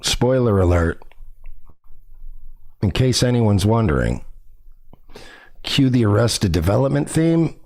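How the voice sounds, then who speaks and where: A man's voice: mid-range voice, big pitch swings, unhurried, pauses often, darkish tone. A man hosting a reaction commentary show, talking in a sarcastic, mocking and profane way.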